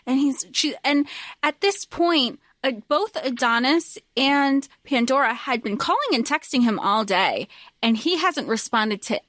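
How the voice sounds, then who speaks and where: Woman podcast co-host, very high voice, gushing fan chat, dry close mic. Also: unhurried, dry recording. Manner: gushing, excited fan talk. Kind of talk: casual book-discussion chat.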